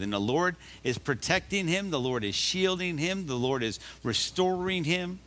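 A man's voice: on the high side, expressive, normal speed, hardly any pauses, fairly bright tone. A male pastor preaching a sermon in a conversational style, often rising to emphatic calls to the congregation. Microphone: live recording of a church service.

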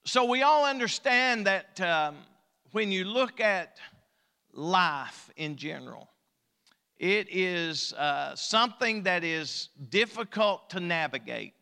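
Male pastor, high bright tenor, folksy storytelling sermon, church hall reverb. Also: animated, takes it slowly, gravelly, smooth. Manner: folksy preaching, swings from hushed storytelling to loud exhortation. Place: church sanctuary.

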